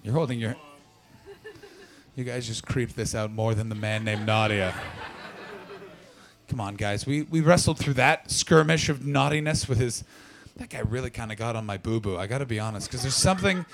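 A man's voice: medium pitch, moderate pace, a little hiss or hum. A man in his thirties doing improvised stand-up comedy, rambling, swearing and chatting with the crowd. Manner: profane, rambling, chats with the audience. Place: comedy venue with audience.

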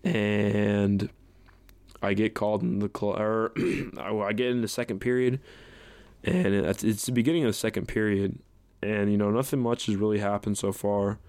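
A man's voice: lowish voice, fairly even intonation, normal speed, darkish tone, no room sound. A young man hosting a podcast, telling a personal story in a casual, rambling way, full of fillers and restarts. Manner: rambling, many fillers like "you know" and "like". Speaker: podcast host.

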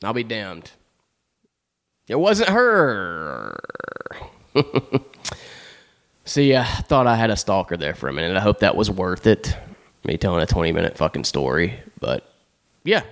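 A man's voice: sits low, sing-song, measured pace, long pauses. A young man, hosting a comedy show and telling an exasperated, profanity-laced story in casual monologue.

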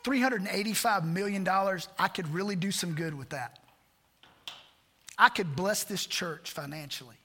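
A man preaches a sermon in a high, bright voice, earnest and full of rhetorical questions. The sound rings with the long reverb of a church sanctuary. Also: normal speed, slight background noise. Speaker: pastor.

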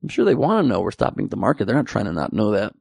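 A man's voice: on the low side, very animated, quick pace, gravelly, darkish tone, husky, no room sound, clean studio sound. A man delivering a sarcastic, profane topical comedy monologue with rambling asides.

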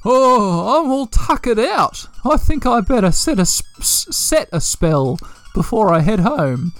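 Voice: medium pitch, big pitch swings, measured pace, soft background music. A gamer voicing a sleepy, folksy video game man who was once a raccoon, with a raised, drawling voice. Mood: dreamy.

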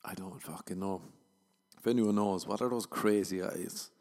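Low-voiced man, crude rambling podcast host. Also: fairly even intonation, moderate pace, darkish tone. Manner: crude, swearing, self-mocking jokes. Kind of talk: rambling comedic monologue.

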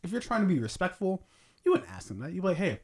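A man's voice: high-pitched, sing-song, fast talker, darkish tone, breathy edge. A man co-hosting a casual podcast, swearing freely and laughing as he acts out quotes. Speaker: podcast co-host. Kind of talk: casual chat.

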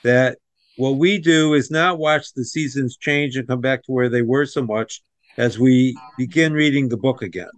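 Thoughtful guy, calm measured talk, dry close sound. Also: mid-range voice, no echo. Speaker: rabbi, co-host. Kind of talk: reflective discussion.

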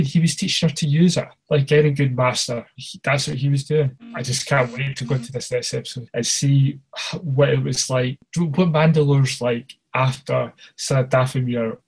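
A man in his thirties co-hosts a fan podcast in casual chat. His voice is gravelly and raspy at a middle pitch. He rambles eagerly and often restarts his sentences. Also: fairly even intonation, moderate pace, a little mellow. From outside the United States. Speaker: podcast co-host.

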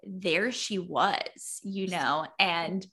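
A woman hosting and narrating a fan video with brisk enthusiasm. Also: lowish voice, bright, forceful tone, breathy edge. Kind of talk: casual narration.

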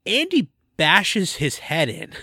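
A man's voice: sits high, huge pitch swings, takes it slowly, bright, forceful tone, husky, no echo, studio quality. A man co-hosting a casual movie-review podcast, joking and recapping the plot with stumbles and laughs. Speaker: podcast co-host.

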